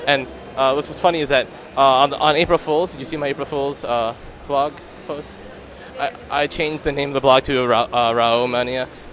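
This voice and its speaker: A man who blogs, answering in a casual interview in a halting, hesitant way. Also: medium pitch, fairly even intonation, a bit bright. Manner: halting, hesitant, searching for words. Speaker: blogger.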